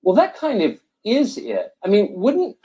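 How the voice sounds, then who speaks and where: A man's voice: high voice, wildly swooping pitch, a little slow, dark tone, lo-fi sound. A man hosting a political radio show, asking questions in an exasperated way.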